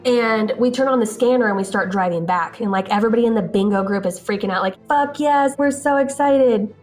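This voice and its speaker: A woman tells her story in a loose, casual way, slipping into the voices of the people she quotes and dropping "like" into nearly every sentence. Her pitch sits at an ordinary middle level for a woman, and soft music runs quietly underneath. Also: quick pace. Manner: animated, acts out quoted dialogue, frequent "like". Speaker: interviewee recounting events.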